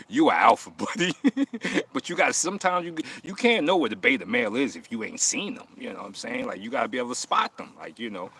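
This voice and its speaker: A man's voice: medium pitch, quick pace, slightly rough. Laughing, mocking man in a livestream. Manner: laughing, mocking, heated and animated. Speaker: martial arts channel host. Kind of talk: casual livestream talk answering chat.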